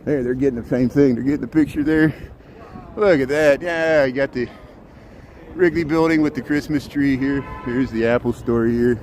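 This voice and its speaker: Walking city streets with his phone in hand, a man live-streams in a casual, narrating way, chatting and calling out viewers by name. His medium-pitched voice moves at normal speed, and heavy street traffic is loud in the recording.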